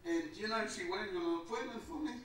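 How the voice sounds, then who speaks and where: Laughing New storyteller in echoing hall. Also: male voice, high voice, fast talker, fairly bright tone, slight background noise. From New Zealand. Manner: laughs often and acts out quoted voices. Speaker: guest speaker at an academic gathering. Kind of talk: animated anecdotal storytelling. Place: large meeting house. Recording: echoey hall picked up from a distance.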